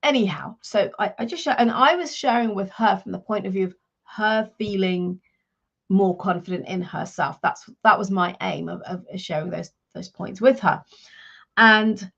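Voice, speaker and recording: A woman's voice: mid-range voice, moderate pace, gravelly, a bit bright, dull audio. A woman career coach giving earnest advice in a live-streamed talk, often restarting her sentences and using fillers.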